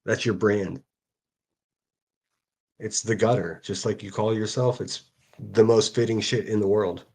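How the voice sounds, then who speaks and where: A man's voice: on the low side, fairly even intonation, a little slow, a little mellow, breathy edge. A man hosting a solo livestream, reading out hostile comments and answering them in a sarcastic, profane rant. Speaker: livestream host.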